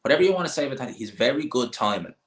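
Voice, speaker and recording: Rapid-fire and sing-song, this young Irish man's medium-pitched, fairly bright voice carries through an echoey room. He hosts a boxing channel, casually answering viewers live with opinions and lots of fillers as he thinks aloud.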